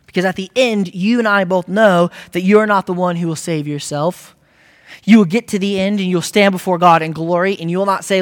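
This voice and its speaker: A man preaching a sermon, building from quiet reflection to loud exhortation. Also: sits high, fairly even intonation, fairly quick. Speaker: pastor. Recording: long reverb of a hall.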